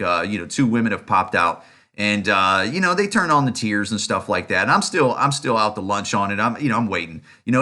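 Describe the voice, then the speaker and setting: A man talks alone into his podcast mic, blunt and profane. His voice is bright and forceful, his speech full of "uh", "like" and restarts. He keeps hammering the same rhetorical questions. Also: mid-range voice. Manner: rapid, rising rhetorical questions. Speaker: podcast host. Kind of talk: solo opinion rant.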